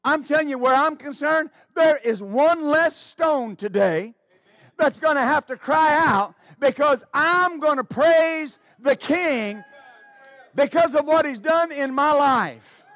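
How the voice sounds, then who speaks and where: A man's voice: very high voice, expressive, takes it slowly, a bit bright, no room sound, studio quality. A man preaching a sermon as pastor, fervent and exclaiming praise, with stammering restarts.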